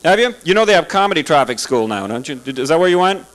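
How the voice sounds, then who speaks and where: A man's voice: a little high, very animated, fast talker, a bit bright, poor audio. Sarcastic man doing stand-up. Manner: sarcastic, chatty, asks the crowd. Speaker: stand-up comedian. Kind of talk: stand-up comedy set. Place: comedy club stage.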